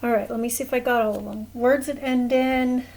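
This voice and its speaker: A woman's voice: a little high, fairly even intonation, a little fast, darkish tone, poor audio. A woman teaching a recorded lesson, explaining patiently at a whiteboard and often checking in with "okay?". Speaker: Spanish teacher.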